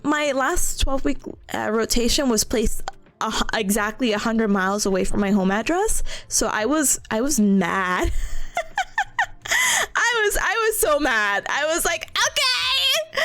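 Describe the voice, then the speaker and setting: A woman in her twenties, a study streamer, chatting casually and telling a story in an animated way, often breaking into laughter and poking fun at herself. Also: high voice.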